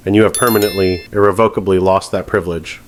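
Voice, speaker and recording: A stern, unshakable judge, as a male narrator plays him, handing down words calm and precise. His low voice stays measured and final throughout. It belongs to a dramatized courtroom story. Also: slight background noise, natural voice. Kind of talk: scripted narration.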